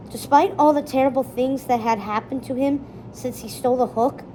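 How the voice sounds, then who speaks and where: A woman narrating a children's chapter book aloud in a steady, expressive storytelling manner. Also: high-pitched, slight background noise, low-quality recording. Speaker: storybook reader.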